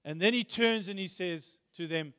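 A man's voice: high-pitched, normal speed, bright, forceful tone, clean studio sound. A man preaching a sermon, retelling scripture casually in everyday words and reading passages aloud with rising force. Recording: long hall reverb.

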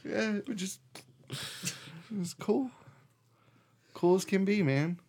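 In a high, slightly rough voice and at a slow pace, he hosts a laid-back chat. His storytelling is animated, heavy on profanity, and full of restarts.

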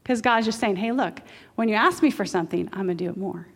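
A middle-aged woman preaching a sermon, animated, jumping between loud exclamations and hushed asides. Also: mid-range voice, quick pace, husky. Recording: long hall reverb.

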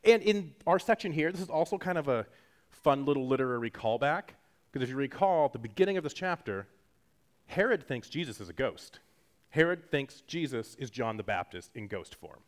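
A man preaching a sermon in a casual, jokey teaching style, acting out quotes as he goes. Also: mid-range voice. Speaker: pastor.

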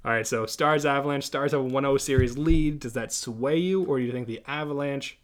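A man's voice: medium pitch, fairly quick, clean tone. A man hosting a sports podcast, chatting casually, often laughing as he tells stories. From Massachusetts. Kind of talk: casual chat.

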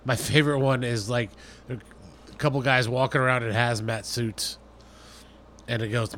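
A man talking casually as a guest, thinking aloud in halting bits with restarts. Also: mid-range voice, flat delivery, fairly bright tone, slight background noise. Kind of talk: casual chat.

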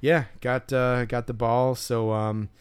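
A man's voice: medium pitch, little pitch movement, slow, clean tone. A man co-hosting a podcast, telling a story in casual chat with lots of fillers and restarts. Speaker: podcast co-host.

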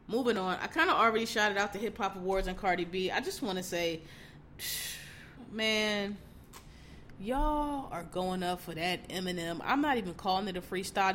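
A woman's voice: mid-range voice, fairly bright tone, a little hiss or hum. A woman hosting a casual commentary show, ranting bluntly with heavy swearing and exasperated mockery. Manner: mocks others in put-on voices.

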